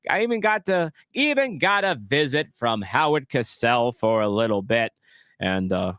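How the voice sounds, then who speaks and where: A man's voice: medium pitch, very animated, normal speed, fairly bright tone, smooth, no room sound. Profane rambling man, dry close mic. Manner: frank, profane, rambling with restarts. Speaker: channel host. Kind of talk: casual fan reaction commentary.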